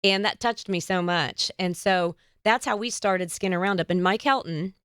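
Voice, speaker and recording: Woman podcast host, lively storyteller who acts out quotes; clean, resonant voice, dry studio sound. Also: lowish voice, moderate pace, clear, resonant tone, no echo. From United States. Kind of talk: casual interview chat.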